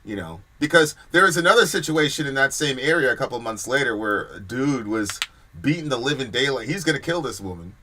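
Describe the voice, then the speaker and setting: Casual chat co-host, male, bright tense voice, animated storyteller. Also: medium pitch, a little fast, a little hiss or hum. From New York. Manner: animated storyteller, shouts quoted lines, swears.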